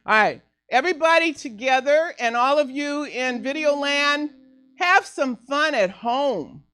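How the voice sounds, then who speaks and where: A middle-aged woman minister giving a playful sermon, slow and deliberate, laughing easily as she leads the group. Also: high-pitched, lively intonation, bright, forceful tone, dry recording. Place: church sanctuary. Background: faint piano.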